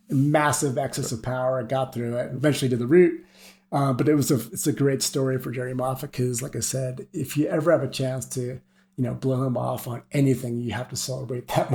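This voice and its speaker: Rambling middle-aged man telling stories. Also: medium pitch. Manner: rambling, laughs often, heavy on "you know" and "like". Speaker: guest, veteran rock climber. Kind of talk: casual storytelling.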